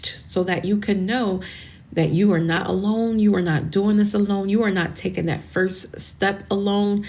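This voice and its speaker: A woman's voice: medium pitch, vocal fry. Earnest, encouraging woman podcast host. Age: 40s. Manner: earnest, encouraging, calls listeners honey. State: tearful, emotional. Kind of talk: motivational podcast monologue.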